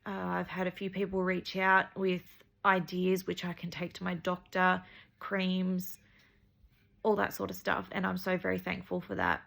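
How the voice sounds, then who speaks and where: An Australian woman talking earnestly in a personal video diary, halting and repeating herself as she goes. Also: fairly low pitch, completely flat delivery, creaky, fairly bright tone. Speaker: vlogger sharing her medical journey.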